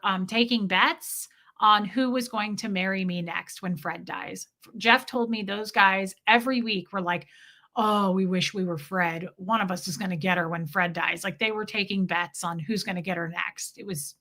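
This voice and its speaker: A woman tells a story from her own life to her viewers. Her voice is bright and crisp. She talks casually and with animation, swears freely, and slips into the voices of the people she quotes. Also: mid-range voice. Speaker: streamer telling a personal story. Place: home basement studio.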